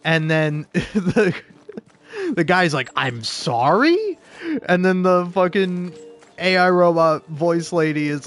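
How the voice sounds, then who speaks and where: This gaming video creator has a high-pitched, fairly bright voice. He gives casual gameplay commentary, rambling and swearing a lot, laughing often as he works himself into mock outrage.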